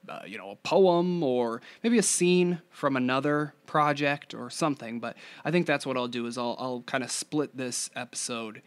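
A man talks through his own podcast in a loose, rambling way, full of fillers, restarts and asides. His voice sits at an ordinary middle pitch for a man. Later he reads scene directions from a screenplay in the same plain voice. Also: normal speed, few pauses. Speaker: podcast host. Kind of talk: casual solo podcast talk, then reading a screenplay aloud.

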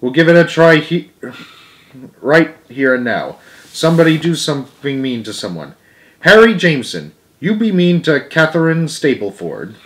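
A man reading a storybook aloud, voicing a small, earnest mouse who acts as a solemn, fair-minded teacher, in a lively, emphatic voice. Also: moderate pace. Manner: lively, emphatic, higher and louder than his narration.

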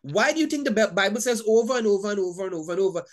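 Emphatic woman preaching, high-pitched. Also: animated, quick pace, few pauses. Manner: emphatic, repetitive, stammers on restarts, laughs often. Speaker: Bible teacher. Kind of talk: sermon teaching.

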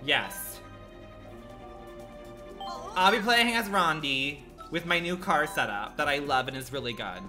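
A man chatting on a gaming livestream, his voice bright and swinging widely up and down. He rambles through filler words and curses freely. Faint music plays behind him. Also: a little high, lively intonation, measured pace, pauses often. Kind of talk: casual gaming livestream chat.

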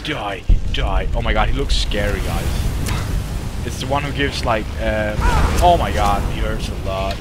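A young man streaming a game live, swearing and reacting excitedly while chatting to his viewers. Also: lowish voice, measured pace, very noisy. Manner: excitable, swears a lot, talks to chat. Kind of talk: live gameplay commentary.

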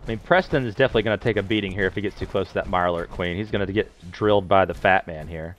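This streamer has a low-pitched voice and talks in rapid-fire bursts as he plays, chatting playfully and reading viewers' comments aloud to answer them. A little hiss or hum runs under the recording.

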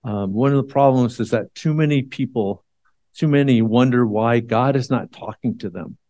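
A man's voice: mid-range voice, normal speed, mellow, no room sound, studio quality. A man, a church elder, giving a conversational Bible sermon with many fillers and restarts.

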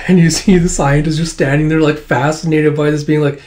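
A man's voice: a little high, fairly even intonation, quick pace, hardly any pauses, a little mellow. A man casually reading a comic aloud, rambling with many fillers and the odd swear. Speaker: comic book reader and reviewer. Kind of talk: casual read-along of a comic.

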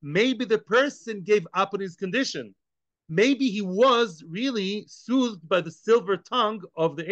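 High bright-voiced guy teaching talmud, tosses out rhetorical questions, dull dry lo-fi sound. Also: no room sound. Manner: animated, rhetorical questions, acts out both sides. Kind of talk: Talmud class lecture.

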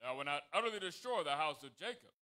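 A man reading Bible verses aloud for a class in a quiet, steady reading voice. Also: a little high, fast. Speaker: scripture reader in class.

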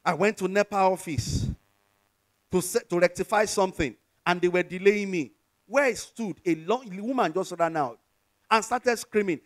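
Preaching to his congregation, this Nigerian pastor has a high-pitched voice and a normal pace. His sermon uses call-and-response and shifts between English and Yoruba.

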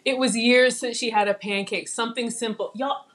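A woman's voice: a little high, steady tone, normal speed, fairly bright tone. A middle-aged woman hosting a live cooking stream in her home kitchen, chatting casually, laughing and reading viewer comments aloud.

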